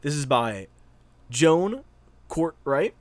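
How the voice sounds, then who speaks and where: A man co-hosting a casual podcast, relaxed and dry as he reads out reviews. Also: on the high side, drawn-out words, crowd noise. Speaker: podcast co-host. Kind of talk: casual chat, reading reviews aloud.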